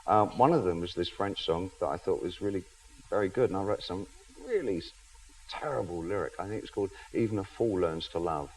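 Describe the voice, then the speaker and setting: A man's voice: deep voice, brisk, slightly rough, rough recording. A man in his fifties, a chat show guest in a television studio, telling self-mocking anecdotes and laughing through them. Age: 50s.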